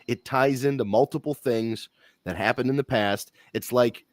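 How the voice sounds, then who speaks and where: A man's voice: medium pitch, normal speed, no room sound. A man talks shop on a wrestling podcast in a blunt, rambling way, swearing as he goes. His voice sits in a middle range. The sound is close and dry, with no room around it. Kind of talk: casual wrestling talk.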